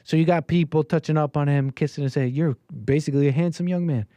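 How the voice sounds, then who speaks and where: A man's voice: fairly high pitch, steady tone, quick pace, dark tone, dry recording. A man hosting a call-in livestream, reacting to clips in casual, rambling commentary with many fillers and a sarcastic, dismissive edge. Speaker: livestream host taking calls.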